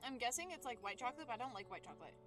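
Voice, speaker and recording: Young woman, casual stream chat, bubbly, slightly high pitch, game music in the background. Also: sing-song, very fast. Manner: chatty, bubbly, talks to chat while playing. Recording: game music clearly behind the voice.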